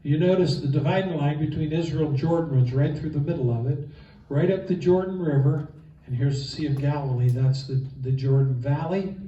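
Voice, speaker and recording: A man with a slightly high, warm voice teaches a Bible geography class at a brisk clip. The informal lecture is enthusiastic, conversational, and dotted with fillers. The sound is dull and echoey from a distant mic, with a little hiss or hum.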